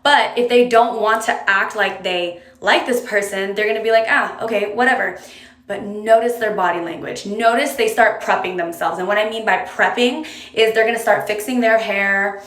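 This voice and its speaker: A woman's voice: medium pitch, normal speed, fairly bright tone. Chatty woman giving direct advice, roomy echo. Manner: direct, chatty, coaxing the viewer along. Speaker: advice creator. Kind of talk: casual advice monologue to camera.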